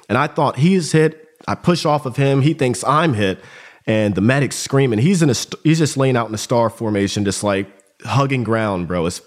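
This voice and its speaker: A man talking as a podcast guest, telling a story casually and with energy. He peppers his talk with dude and bro. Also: mid-range voice. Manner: animated, slangy, calls listener dude and bro.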